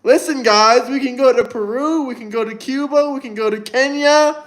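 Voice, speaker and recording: A young man hosts a casual livestream in a very high-pitched, slightly bright voice at a moderate pace. Reading viewer comments, he answers bluntly, rambling and swearing a lot along the way.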